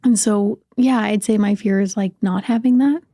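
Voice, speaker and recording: A woman talking on a podcast in a thoughtful, soft-spoken way, searching for her words as she opens up. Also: mid-range voice, fairly even intonation, normal speed, no echo, clean studio sound. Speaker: podcast guest, host's partner. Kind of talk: casual conversation.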